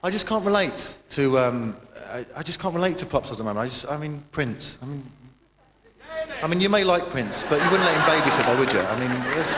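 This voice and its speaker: A man doing a rambling, self-mocking stand-up routine full of restarts and sudden shouted outbursts. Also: on the high side, animated, brisk. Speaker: stand-up comedian. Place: large live venue. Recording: live hall with crowd noise and echo.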